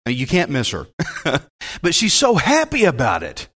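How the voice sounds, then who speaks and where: A man delivers a sermon, his voice sitting a little higher than most men's. He reads scripture aloud, then stops to comment on it with eager, chatty asides to his listeners. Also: wildly swooping pitch, moderate pace, sharp tone, slightly rough. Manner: enthusiastic, conversational preaching with asides. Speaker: pastor.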